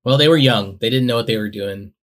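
A man co-hosting a podcast in casual chat, excitable and quick to laugh, swearing casually. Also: on the low side. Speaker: podcast co-host.

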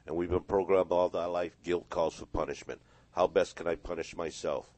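A man's voice: low-pitched, steady tone, normal speed, a little mellow. A man, a hypnotist guest on a radio interview, telling stories and acting out the voices in them. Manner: storytelling, acts out quoted voices. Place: radio studio.

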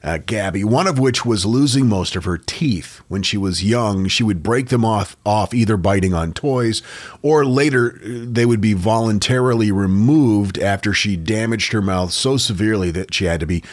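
A man's voice: on the low side, normal speed. A man co-hosting a podcast, telling odd facts in a casual, storytelling way. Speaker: podcast co-host. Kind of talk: casual chat.

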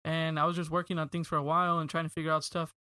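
A man's voice: a little high, level tone, rapid-fire, sharp tone, clear, resonant tone, no echo, studio quality. A young man hosting a podcast in casual chat, rambling and filling his talk with "like" and "dude". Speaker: podcast host.

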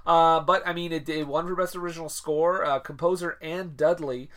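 Male podcast co-host, relaxed and hesitant, raised pitch, easy conversational delivery. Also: normal speed. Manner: relaxed, rambling, hesitant with fillers. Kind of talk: casual film-discussion chat.

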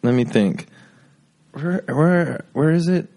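A man's voice: fairly high pitch, slow pace, dark tone. A man hosting a casual podcast chat, joking and bantering with his guest. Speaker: podcast host.

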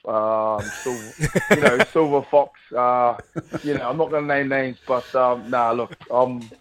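A New Zealand man in his thirties, appearing on radio as a guest rugby player, talks at a measured pace in a mid-range voice. The recording is rough, and his laid-back, chatty manner is full of fillers.

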